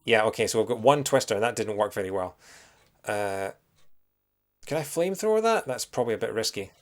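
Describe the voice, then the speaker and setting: Man with a soft Scottish accent. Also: fairly low pitch, lively intonation, brisk. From Scotland. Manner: chatty, thinks aloud, many ums and restarts, greets viewers. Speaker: streamer playing a retro game. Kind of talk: casual live-stream commentary.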